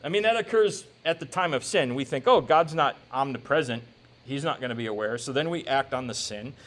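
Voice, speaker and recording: A man preaching a sermon in a conversational, joking way, slipping into quick quoted asides. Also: medium pitch, lively intonation, fairly bright tone. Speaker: pastor.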